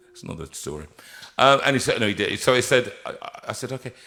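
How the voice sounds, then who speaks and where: Bright-voiced man telling a lively story. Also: medium pitch, a little fast, vocal fry. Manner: animated, acts out quoted voices. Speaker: singer hosting a live stream. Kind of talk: anecdotal storytelling. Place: indoor music room.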